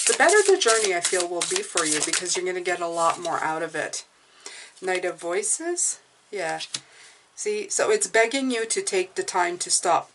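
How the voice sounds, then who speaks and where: A woman's voice: fairly low pitch, fairly bright tone. A woman giving a casual spoken tarot reading, chatty and reassuring, often restarting phrases and checking in with "okay?". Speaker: tarot reader.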